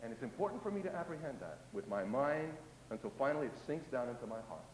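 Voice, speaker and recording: A man preaching a sermon, swinging between loud emphasis and hushed asides, and acting out the voices of doubters and psalm prayers. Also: mid-range voice, lively intonation, fast talker, roomy sound, in a large hall, a little hiss or hum, rough recording.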